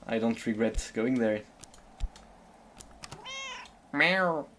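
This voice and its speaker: A man's voice: fairly low pitch, steady tone, a little slow, slight background noise. A man with a French accent giving gameplay commentary, thinking aloud and murmuring to himself while he decides. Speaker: streamer.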